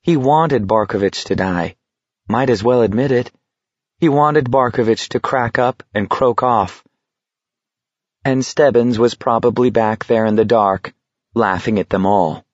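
A male narrator reads an audiobook at an unhurried, deliberate pace. His mid-pitched voice is close and dry, in a dull, slightly muffled recording. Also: no room sound. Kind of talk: scripted narration.

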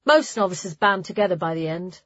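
A woman's voice: lowish voice, animated, brisk, no echo, highs cut off. A woman voicing a practical young novice girl who explains plainly. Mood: explaining.

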